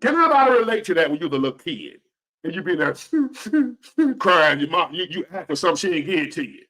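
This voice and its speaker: A man's voice: a little high, sing-song, fairly quick, bright, forceful tone. A man in his fifties giving a blunt, profane, preachy motivational rant to the camera. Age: 50s. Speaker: vlogger.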